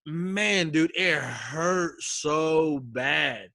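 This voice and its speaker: Bright-voiced man telling a story animatedly. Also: a little high, extremely slow, creaky, no echo, clean studio sound. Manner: animated, acts out quotes with slang and swearing. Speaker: guest telling a survival-show story. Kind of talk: casual storytelling chat.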